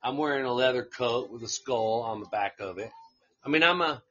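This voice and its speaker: A man's voice: mid-range voice, moderate pace, a bit bright, husky, muffled recording. A man casually telling a rambling story on a live stream, swearing freely and laughing along the way. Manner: profane, rambling anecdote with laughs.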